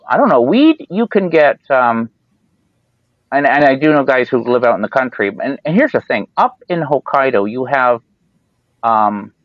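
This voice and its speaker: A man's voice: medium pitch, dry recording. A man in casual chat on a podcast, telling rambling stories and acting out the people he quotes. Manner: rambling storyteller, acts out quoted voices. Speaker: podcast host. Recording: dull lo-fi sound.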